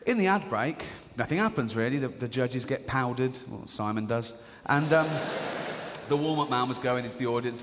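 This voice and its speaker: A man doing a stand-up routine, telling stories in a chatty way and slipping into other people's voices. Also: a little high. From England. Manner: conversational storytelling, acts out characters. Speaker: stand-up comedian. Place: large theatre on stage. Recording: live theatre reverb, faint crowd ambience.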